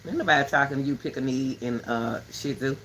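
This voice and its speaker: A woman hosting a casual rambling chat, animated and talkative, turning between her dogs and her viewers. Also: a bass voice, fairly quick, slight background noise. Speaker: commentary channel host.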